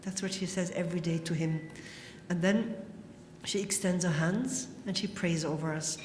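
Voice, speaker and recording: A woman shares an earnest testimony in a storytelling way and often quotes what others told her. Her voice sits fairly low, and it rings out in a large reverberant hall with a faint hum behind it. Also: steady tone, moderate pace, a little mellow. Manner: earnest, storytelling, frequent quoting. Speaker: speaker giving a talk. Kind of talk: spoken religious testimony. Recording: echoey hall with long reverb.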